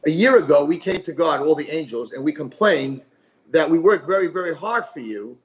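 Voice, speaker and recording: A man's voice: a little high, animated, fairly quick, lo-fi sound, lightly acted. A man voicing the Satan as a mean, taunting angel in a spoken parable. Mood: confiding. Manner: taunting, scornful.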